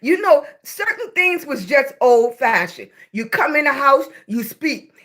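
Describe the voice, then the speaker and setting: High-voiced, unhurried Southern woman streaming live. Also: sing-song, sharp tone. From Southern United States. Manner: chatty, greets viewers by name, calls them baby. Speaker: livestream host. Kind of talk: casual livestream chat with viewers.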